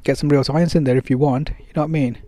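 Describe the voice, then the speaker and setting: Man chatting advice, dark mellow voice, dry close sound, lots of um and you know. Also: on the high side, fairly even intonation, fast, dry recording. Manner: conversational, acts out dialogues, many fillers. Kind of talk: casual advice monologue.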